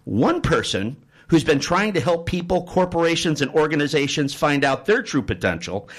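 A man's voice: fairly high pitch, normal speed. A man hosting a radio talk show, telling an anecdote and joking with his guest in the studio. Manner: animated storyteller, joking. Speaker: radio host. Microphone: studio microphone.

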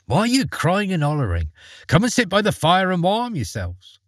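A man's voice: high-pitched, huge pitch swings, normal speed, fairly bright tone, dry recording, clean studio sound, pitched above the performer's own voice, exaggerated voice. A man voicing a bold, fearless young lad in a storybook, in a raised, cheeky voice. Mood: plucky. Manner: plucky, matter-of-fact, cheeky.

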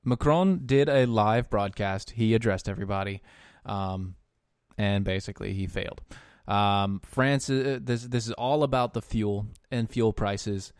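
A man giving opinion commentary, halting often with fillers and dropping into sarcastic muttered asides. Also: lowish voice, clear, resonant tone, no room sound, studio quality. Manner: sarcastic asides muttered under his breath; halting, with frequent fillers and restarts. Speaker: political commentator.

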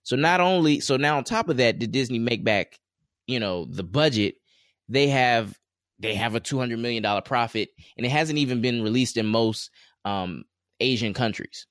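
Casual male co-host, rambling delivery, mid pitch, dry mic. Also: moderate pace, dry recording. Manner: relaxed, rambling with many fillers and restarts. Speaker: podcast co-host. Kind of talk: casual chat.

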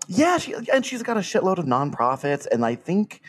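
A man's voice: high voice, sing-song, normal speed, slightly rough. A man co-hosting a podcast in crude, rambling casual comedy chat. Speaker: podcast co-host.

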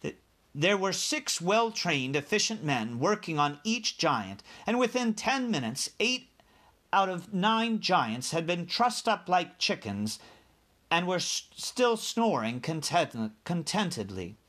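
Man narrating a kids' chapter book, expressive and bright. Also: high-pitched, takes it slowly. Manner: expressive storytelling. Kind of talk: reading a children's novel aloud.

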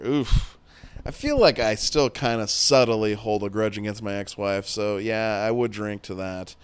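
Lively low-voiced man joking around. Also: clear, resonant tone. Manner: crude, joking, rambling. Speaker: podcast host. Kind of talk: casual solo podcast chat.

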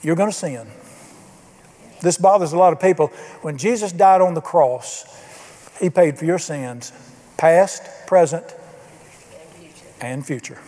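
A man's voice: on the high side, a little slow, long pauses, mellow. A man preaching a sermon, telling folksy stories and acting out the people he quotes. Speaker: pastor. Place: church sanctuary. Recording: long reverb of a church hall.

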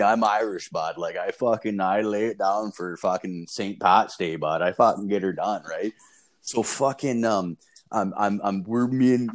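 A man with a somewhat low voice spins a rambling anecdote in casual conversation. He swears freely, restarts his sentences and piles on fillers as he goes. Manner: profane, rambling, animated storytelling. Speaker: storyteller. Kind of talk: casual chat.

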